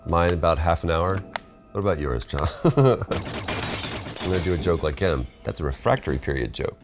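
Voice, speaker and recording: Man, podcast co-host, low voice, very lively pitch, joking banter. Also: normal speed, music in the background. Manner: joking, laughs often. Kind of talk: casual banter.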